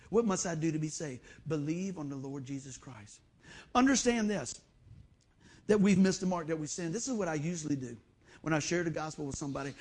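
High, husky preacher man. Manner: folksy storytelling, acts out quoted voices. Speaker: pastor. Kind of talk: sermon. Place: church.

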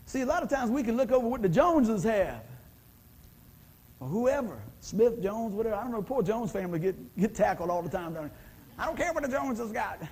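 A man's voice: high voice, darkish tone, a little hiss or hum, low-quality recording. A man preaching a sermon in a folksy, conversational way, often asking the congregation for an amen. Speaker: pastor.

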